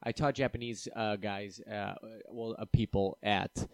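Man, low-pitched, dry, relaxed rambling chat, lots of fillers. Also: no room sound. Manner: laid-back, halting with many fillers. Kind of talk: casual chat.

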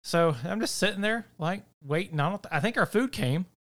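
A man on a podcast tells a story in a loose, casual way, his pitch swinging widely. The sound is dry and close. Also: expressive, a little fast, fairly bright tone, no room sound. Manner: loose storytelling full of "like" and quoted asides. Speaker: podcast co-host.

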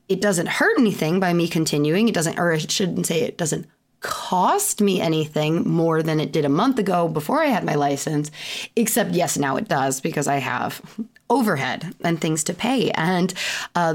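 A woman with a Midwestern accent hosts her own podcast in her thirties. Her voice sits a little low, and she talks in a loose, chatty way, full of asides and fillers. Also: lively intonation, normal speed, a little mellow. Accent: Midwestern American. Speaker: podcast host and chiropractor. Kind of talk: casual solo podcast intro.

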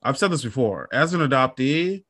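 A man's voice: medium pitch, animated, normal speed, a bit bright. A man chatting casually on a podcast, rambling and self-deprecating as he tells a comic story. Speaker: podcast co-host. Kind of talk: casual comedic chat.

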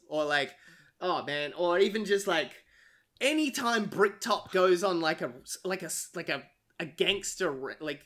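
A man's voice: sits high, expressive, a little slow, pushed and bright. A man co-hosting a casual podcast chat, talking animatedly with lots of fillers and acting out quotes. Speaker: podcast co-host.

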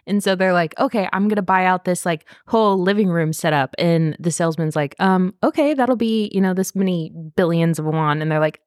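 A woman co-hosting a podcast, recapping a TV show in casual chat, animated, laughing and swearing as she acts out the characters. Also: fairly low pitch, a little fast, few pauses, dry recording, clean studio sound. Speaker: podcast co-host.

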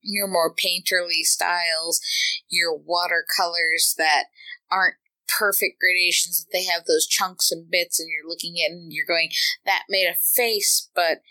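A woman's voice: fairly low pitch, little pitch movement, moderate pace, pushed and bright, poor audio. A woman co-hosting a podcast, chatting casually and enthusiastically about tabletop gaming. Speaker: podcast co-host.

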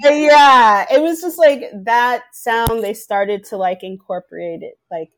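A woman's voice: on the high side, a little slow, a little hiss or hum. A woman in casual chat, speaking in loose, rambling phrases with constant fillers.

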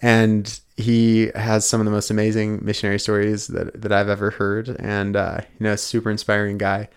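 A man's voice: on the low side, little pitch movement, moderate pace, clean tone. A man in his thirties, a podcast host taking the guest seat, telling his story in an earnest, casual way with frequent restarts.

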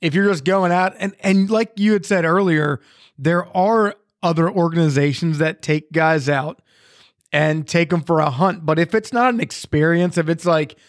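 A man's voice: a little high, normal speed, no echo, clean studio sound. A man hosting a podcast, chatting casually with lots of fillers and restarts as he shares views and asks questions. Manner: relaxed, filler-heavy, rambling. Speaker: podcast host. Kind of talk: casual interview chat.

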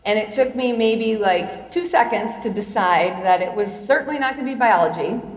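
A woman's voice: medium pitch, moderate pace. A woman in her fifties giving a chapel talk, chatty and self-deprecating, laughing often as she tells personal stories. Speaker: chapel speaker. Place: large hall. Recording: echoey hall with long reverb.

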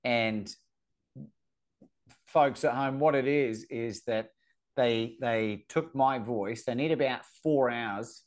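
Kiwi guy hosting a video call, chatty, keeps tripping and restarting, middle pitch. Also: slow. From New Zealand. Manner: chatty, stumbles and restarts often. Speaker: host. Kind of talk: casual video-call conversation.

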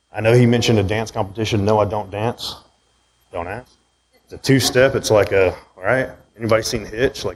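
A man with a somewhat low voice tells his own story to a live audience in a room. He talks in a candid, conversational way and keeps asking "right?" to pull the listeners in. A faint hum of room ambience sits behind him, and he sometimes drifts away from the mic. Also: low-quality recording. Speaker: speaker giving a talk.

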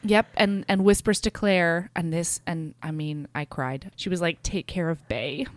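A woman's voice: on the low side, measured pace, no room sound, clean studio sound. A woman co-hosting a podcast, talking casually and enthusiastically about a book. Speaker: podcast co-host.

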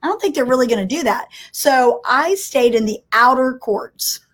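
A woman's voice: sits high, animated, normal speed. A woman telling a personal faith story in casual conversation, acting out the dialogue with frequent restarts. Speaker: guest sharing testimony.

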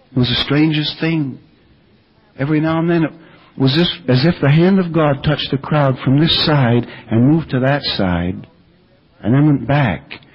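A man's voice: medium pitch, husky. An older man preaching a sermon, earnestly telling revival stories with quoted speech, on an older radio broadcast. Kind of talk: sermon storytelling about revival. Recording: dull lo-fi radio recording.

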